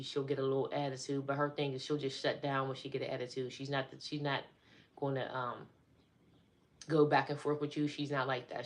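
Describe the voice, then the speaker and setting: A middle-aged woman chatting casually on a live stream, talking to her viewers as y'all. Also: a bass voice.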